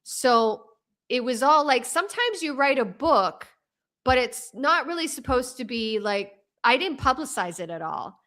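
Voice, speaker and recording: A woman speaking as an interview guest, an author and trauma coach, talking in an animated, rambling way with frequent restarts. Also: high-pitched, measured pace. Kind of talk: casual interview talk.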